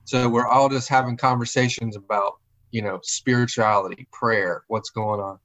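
A man's voice: mid-range voice, normal speed. A male pastor talking casually and animatedly, often acting out what other people say. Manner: animated, acts out quoted voices. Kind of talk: casual conversation. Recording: dull lo-fi audio.

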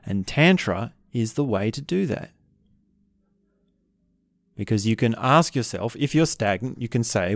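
A man calmly teaching about relationships in an unhurried, reflective way, sometimes acting out what couples say. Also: mid-range voice, dry recording, clean studio sound. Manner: calm, unhurried, acts out quoted couples.

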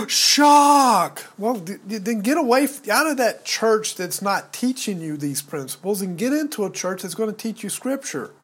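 Breathy and high, his intonation lively, a US podcast co-host in his sixties speaks at a moderate pace with hardly any pauses. He exhorts his listeners in a preaching style, repeating words when worked up.

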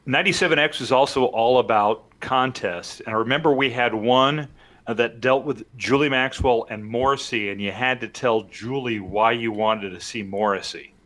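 Bright-sounding guy, radio dj, laid back and wry while he chats. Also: medium pitch, moderate pace. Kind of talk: casual reminiscing chat.

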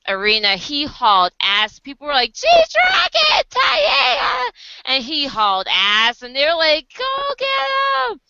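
A woman's voice: fairly high pitch, bright, forceful tone, clear, resonant tone, no room sound, lo-fi sound. An American woman casually telling a story to camera, acting out other people's lines and laughing often. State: sleep deprived. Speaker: vlogger.

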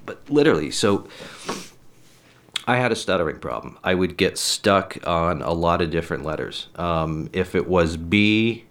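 A man's voice: low voice, lively intonation, normal speed, a bit bright. A middle-aged man telling personal stories in a casual, rambling, frank way, often saying "literally.". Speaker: storyteller.

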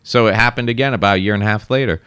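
A man's voice: lowish voice, rapid-fire, fairly bright tone, clear, resonant tone, no room sound, clean studio sound. A man from South Florida, co-hosting a podcast, telling a rambling and profane story in casual chat. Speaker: podcast co-host.

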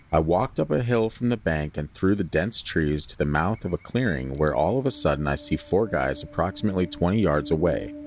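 A man's voice: deep voice, a little mellow. A man on a podcast reading a listener's scary outdoor story aloud, breaking in with joking asides. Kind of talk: casual storytelling chat.

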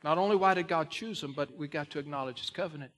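A male pastor preaching a sermon in a folksy way that builds to loud, emphatic climaxes. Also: a little high, fast.

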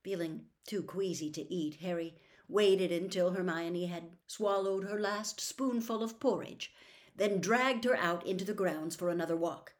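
A woman reading a novel aloud as a serialized storytime episode, softly, slipping into a whisper at tense moments. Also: fairly low pitch, unhurried. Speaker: audiobook reader.

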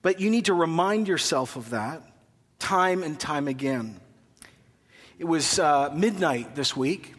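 Guy pastor in his 30s telling a funny family story in his sermon, kinda high voice, echoey church hall. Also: lively intonation, measured pace, a bit bright. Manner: storytelling with humor and asides. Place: church sanctuary.

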